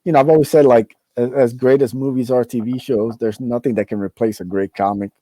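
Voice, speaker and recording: A man's voice: mid-range voice, fairly even intonation, fairly quick, mellow, dry recording. A man in casual podcast chat, talking enthusiastically and rambling with many fillers. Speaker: podcast guest, comic creator.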